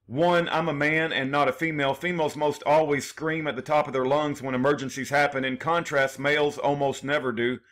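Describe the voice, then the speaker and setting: A defendant reads his own prepared statement point by point, sounding earnest and aggrieved and making small restarts. His voice is a little high and fairly bright, delivered slightly fast with fairly even intonation and hardly any pauses.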